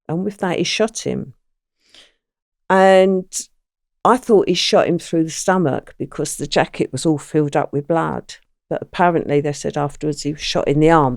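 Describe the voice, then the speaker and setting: An older woman, a podcast guest telling her past with lively, acted-out quotes. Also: low-pitched, creaky, no echo, studio quality. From England. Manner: animated storyteller, acts out quoted lines. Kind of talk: recounting crime memories in a podcast interview.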